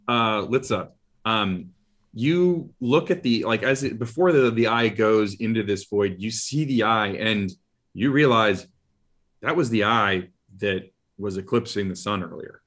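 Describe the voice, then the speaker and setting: A man narrating as dungeon master of a tabletop game, describing scenes in a halting way full of fillers and restarts. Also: lowish voice, fairly bright tone.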